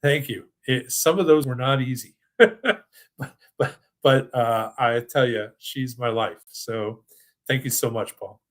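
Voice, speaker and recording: Chatty older man pitching with restarts. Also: steady tone, measured pace. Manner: enthusiastic salesy pitch with many restarts. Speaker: financial advisor hosting a webinar. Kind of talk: presentation and live Q&A.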